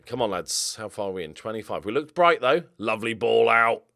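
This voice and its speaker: A young man commentating casually on his game, his pitch jumping all over the place. He mutters quietly, then breaks into loud excited outbursts. The sound is dry and close to the mic. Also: brisk, creaky, dry recording. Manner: excitable, swings from mumbled asides to loud outbursts. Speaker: gaming YouTuber.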